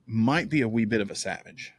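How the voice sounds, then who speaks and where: A man in his thirties hosting a podcast, telling family stories in a relaxed, chatty way. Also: on the low side, brisk, noisy background. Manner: chatty, storytelling, laughs often. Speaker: podcast host. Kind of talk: casual chat.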